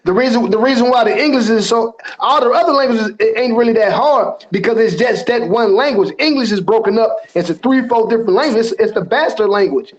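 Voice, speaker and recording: A man's voice: very high voice, fairly quick, few pauses, highs cut off. A man in a casual chat who stumbles and repeats words as he starts his point.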